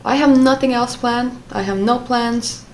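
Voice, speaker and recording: A woman's voice: on the high side, unhurried, slight background noise. A young woman telling a personal story in a casual monologue, rambling, with many fillers and restarts. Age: young adult. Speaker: vlogger.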